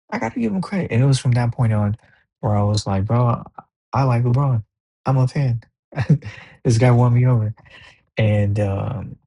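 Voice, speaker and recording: Gravelly young man telling stories. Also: fairly low pitch. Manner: casual, profane, animated storytelling with laughs. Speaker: podcast host. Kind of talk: casual monologue.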